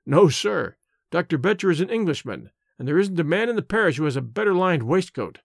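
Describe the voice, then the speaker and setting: A man's voice: on the high side, lively intonation, a little fast, gravelly, dry recording, studio quality. A man voicing a cheerful Victorian country station master who talks in a chatty, deferential way.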